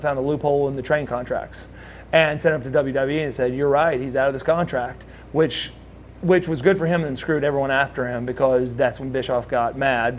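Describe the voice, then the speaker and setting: A man's voice: mid-range voice, a little hiss or hum. A middle-aged man with a Southern US accent telling rambling anecdotes in a casual interview, restarting phrases and laughing now and then. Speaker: interview guest, former wrestler.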